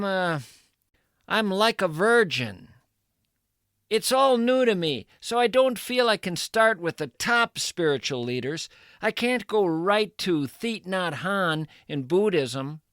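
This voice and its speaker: A man's voice: high voice, bright, forceful tone, clean tone, no echo, clean studio sound, full character voice. A man voicing a naive grown man who earnestly explains his choice of spiritual teacher, hesitating as he goes.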